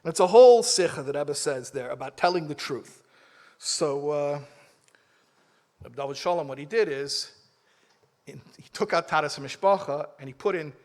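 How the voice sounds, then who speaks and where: Male rabbi, animated storytelling sermon, slightly high voice. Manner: animated, acts out dialogue, mumbles asides. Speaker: rabbi giving a talk. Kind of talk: storytelling sermon to a live audience.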